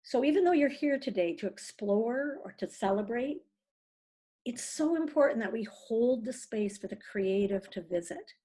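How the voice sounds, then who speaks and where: A woman's voice: fairly high pitch, animated, normal speed, warm tone. A woman teaching a writing class over a video call, chatty and encouraging, rambling a little as she talks. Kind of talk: casual online writing class.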